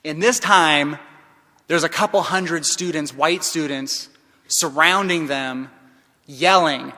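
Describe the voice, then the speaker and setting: A man giving a conference keynote, telling a story with passion, dropping to a hush and then rising loud. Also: on the high side, takes it slowly. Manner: impassioned, shifts from hushed to loud. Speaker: keynote speaker. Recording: long hall reverb.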